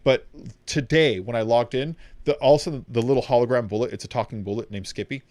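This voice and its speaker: A young man streaming a video game, chatting in a rambling, excitable way and swearing freely. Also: medium pitch, quick pace, no echo. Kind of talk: casual gaming commentary.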